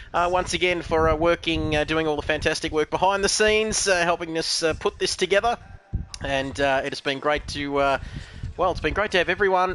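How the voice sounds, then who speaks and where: A man's voice: fairly high pitch, a bit bright, a little hiss or hum. Upbeat man hosting a race stream. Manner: upbeat, chatty, lots of "mate" and "uh". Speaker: sim racing league host. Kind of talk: post-race interview hosting.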